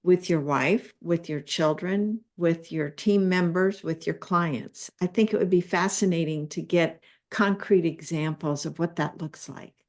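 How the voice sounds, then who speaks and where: A woman hosting a podcast, asking a guest a question in a measured, curious way. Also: fairly low pitch, darkish tone. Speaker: podcast host. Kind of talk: interview question.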